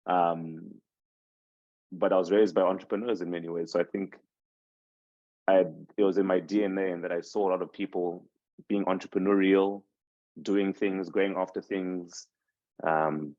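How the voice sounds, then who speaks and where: Here the same kind of guest, a Zimbabwean podcast host in his twenties who speaks Shona natively, muses about his life, often rambling and starting over. He talks at normal speed in a low, flat, darkish voice, on a dull, dry recording.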